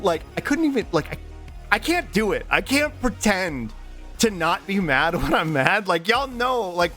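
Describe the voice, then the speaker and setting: A man streaming live, chatting loosely with his viewers in a lively voice that swings widely in pitch. He rambles, swears freely and fills gaps with ums and restarts. Faint music plays behind him. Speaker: Twitch streamer. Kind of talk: casual live-stream chat, reading chat aloud.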